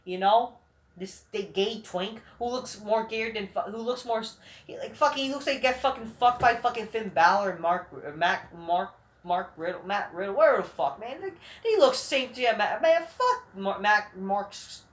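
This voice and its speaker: A man's voice: high-pitched, expressive, normal speed, fairly bright tone. A man hosting a vlog, delivering a rambling, heated, profane rant full of restarts. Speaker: vlog host. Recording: roomy echoing room.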